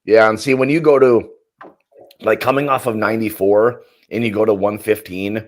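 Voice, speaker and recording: A man's voice: on the low side, fairly even intonation, moderate pace. A man hosting a livestream whiskey tasting, chatting casually and trailing off at the ends of his thoughts.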